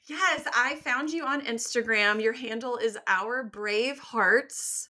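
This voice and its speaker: A woman's voice: a little high, slow, pushed and bright. A woman hosting a podcast interview, effusive and enthusiastic. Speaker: podcast host.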